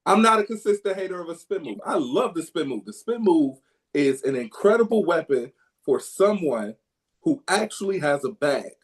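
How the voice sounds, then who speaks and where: A man's voice: on the high side, animated, moderate pace. A man co-hosting a casual basketball talk show, emphatic and a bit preachy when he makes his case. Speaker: podcast co-host.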